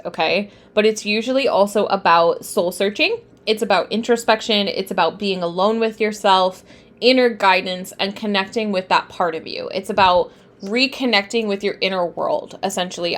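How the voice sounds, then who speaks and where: A young woman teaching tarot on a live stream, chatting with viewers, often laughing and getting sidetracked. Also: mid-range voice. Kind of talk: casual live-stream lesson.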